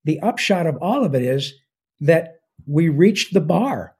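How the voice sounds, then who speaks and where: A man in his sixties chats as a guest, talking with eager enthusiasm and wandering off into asides. His voice sits a bit high for a man but sounds mellow and warm, with a husky edge to it. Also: big pitch swings, measured pace. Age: 60s. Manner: enthusiastic, rambling with fillers. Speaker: guest voice actor. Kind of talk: casual interview talk.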